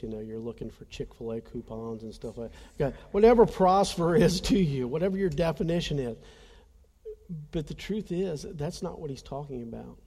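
A man's voice: medium pitch, mellow, long reverb tail. A man preaching a conversational sermon, telling a personal story earnestly and speaking straight to his congregation. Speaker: pastor.

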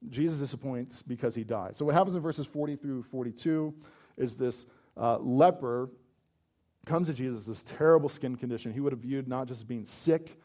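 A pastor with a mid-range voice preaches at a normal speed. His sermon is conversational, peppered with "like" and energetic emphasis on his points.

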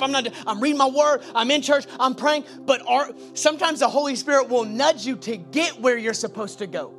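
A young man preaching with a high, ringing, bright voice. He swings between loud, urging calls and quiet, intense stretches. Soft music plays faintly behind him. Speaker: pastor. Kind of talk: sermon.

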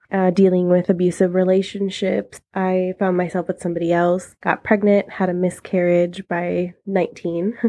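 A woman's voice: medium pitch, warm tone. A woman of thirty, hosting a casual solo podcast and speaking candidly and chattily with frequent laughs. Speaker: podcast host.

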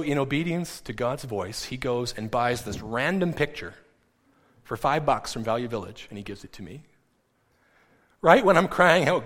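A middle-aged male pastor telling a story in a sermon, animated and acting out the people he quotes. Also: medium pitch, moderate pace. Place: church. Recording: long hall reverb.

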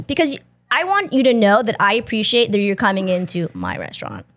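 A woman's voice: on the high side, big pitch swings, fast talker, a bit bright, dry recording. A woman who works in restaurants, giving blunt, frank opinions in a casual chat. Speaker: restaurant worker, co-host.

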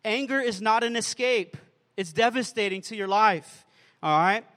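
Male pastor, sermon delivery, high and forceful, lots of asides to the crowd. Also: normal speed, in a large hall. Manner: preachy call-and-response asides.

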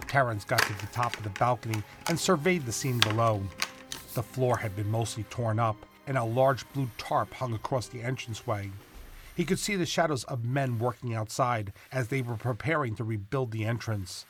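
A man narrating a story aloud with a steady, expressive reading and doing the characters' voices. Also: mid-range voice, moderate pace, faint music behind.

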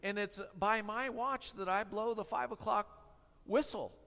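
A man's voice: high-pitched, unhurried, vocal fry, fairly bright tone, in a large hall, pitched above the performer's own voice, full character voice. A man voicing a matter-of-fact male factory watchman in a story from a sermon.

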